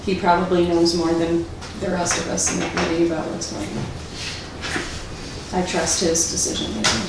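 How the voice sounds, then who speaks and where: A woman's voice: fairly low pitch, monotone, normal speed. A woman on a board committee insists that the committee's decisions were sound and justifies them point by point. She is heard from a distance in a reverberant room, with noticeable room noise. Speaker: library board committee member. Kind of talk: heated board meeting argument. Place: library meeting room. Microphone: distant camera. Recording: echoey room from far off.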